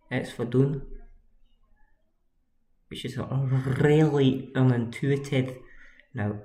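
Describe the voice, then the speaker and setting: During a livestream, a man models and chats casually, rambling, joking, and muttering as he works. His medium-pitched voice is gravelly and a little mellow, with a steady tone, slow pace, and long pauses. Keyboard and mouse clicks can be heard in an echoey room with faint noise.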